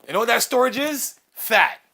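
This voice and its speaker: A man's voice: very high voice, lively intonation, moderate pace, gravelly, bright, forceful tone. A male fitness coach explaining nutrition in a casual, slangy way, often adding "right?".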